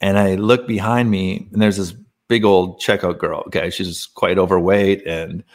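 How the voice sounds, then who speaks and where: A man's voice: low-pitched, level tone, normal speed. A man speaking as a podcast guest, telling a personal spiritual story in a casual, earnest way, laughing often and using many fillers.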